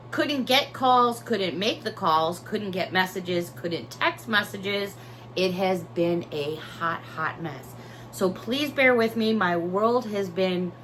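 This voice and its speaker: A woman's voice: mid-range voice, fairly bright tone, slight background noise. A woman chatting through a shopping haul video, talkative and emotional, bubbling over about each item. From Hudson Valley region of New York. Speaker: haul vlogger. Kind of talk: casual haul vlog chat.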